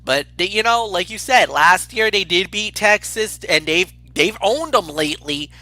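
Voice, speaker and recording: A high-voiced man with a very bright, sharp tone talks football picks in an excitable, rambling way, often restarting his sentences. The sound is dry and close. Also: moderate pace, dry recording, soft background music. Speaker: co-host picking games. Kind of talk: casual sports picks chat.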